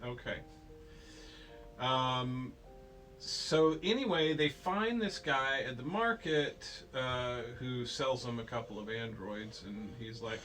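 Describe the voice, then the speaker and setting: A man's voice: mid-range voice, takes it slowly, fairly bright tone, soft background music, poor audio. A man casually retelling a film story to a child at home, playful and rambling, slipping into goofy voices.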